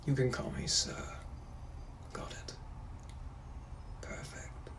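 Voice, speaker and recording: A man voicing a suave, menacing 1800s British gentleman with a British accent, in whispered role-play, purring and teasing. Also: slow, lightly acted. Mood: seductive.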